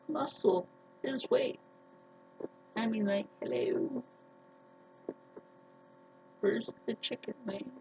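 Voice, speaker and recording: A woman's voice: on the high side, creaky, a little mellow, dull audio, a little hiss or hum. A woman chatting casually to the camera as a sewing vlogger, defiant and chatty. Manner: chatty and defiant, with frequent laughs.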